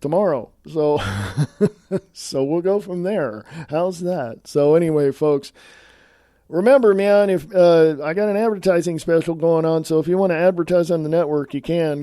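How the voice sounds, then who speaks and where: A man's voice: a little high, normal speed, warm tone, dry recording, studio quality. A man hosting his own podcast, talking bluntly in a scolding, sarcastic monologue. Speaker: podcast host.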